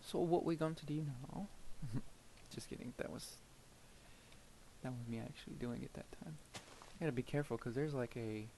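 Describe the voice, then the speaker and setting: A gameplay video creator with a dark-toned, mid-range voice chats casually at a moderate pace over his own gameplay. He rambles from one story to the next, with frequent fillers and laughs, against slight background noise.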